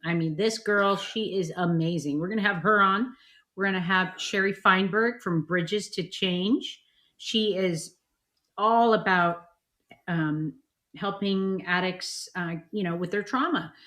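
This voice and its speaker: A woman's voice: medium pitch, unhurried, a bit bright. A woman hosting a live chat show, gushing with enthusiasm about her upcoming guests. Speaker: host.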